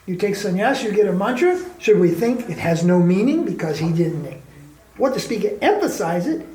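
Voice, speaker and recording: Speaking at normal speed, a man with a high, very animated voice and a dark tone is interviewed as a spiritual teacher. His storytelling is candid and colloquial, studded with emphatic rhetorical questions, and the recording echoes around the room.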